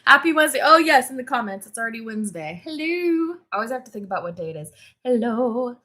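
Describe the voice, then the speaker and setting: A woman's voice: a little high, very animated, fast talker, pushed and bright. A woman hosting a casual livestream, tired and yawning, chatting loosely, laughing often and greeting viewers. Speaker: livestream host. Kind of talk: casual live chat.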